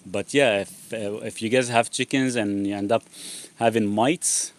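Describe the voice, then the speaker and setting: A man's voice: on the low side, slight background noise. A man hosting a casual live Q&A outdoors in a backyard with chickens. He rambles, restarts his sentences and leans on the word "actually". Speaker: host.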